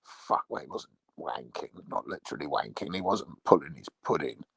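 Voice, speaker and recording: A man playing a crude, boastful English loudmouth in a rambling, foul-mouthed comic monologue, with an English accent. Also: very deep voice, lively intonation, moderate pace, vocal fry, husky, dry recording, full character voice.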